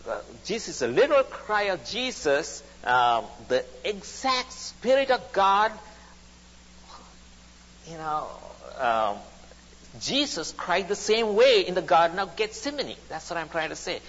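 Man preaching, slow and emphatic, lively pitch, husky, dull sound with long hall echo. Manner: slow, emphatic, repeating phrases. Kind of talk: sermon. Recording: dull recording in a reverberant hall.

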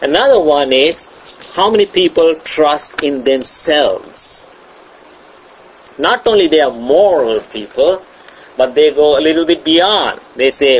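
A man preaches a sermon at an unhurried pace, slightly high in pitch, pressing his points and repeating phrases. The recording is dull and lo-fi, with a faint hum of ambient noise behind him. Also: expressive. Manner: emphatic, repeats and restarts phrases, acts out quoted voices.

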